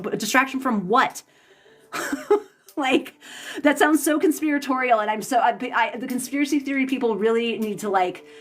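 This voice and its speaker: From home in the Pacific time zone, a tarot reader with a medium-pitched, fairly bright voice reacts to viewers' comments on her livestream. Her venting is heated and profane, and she keeps stumbling and beginning her sentences over.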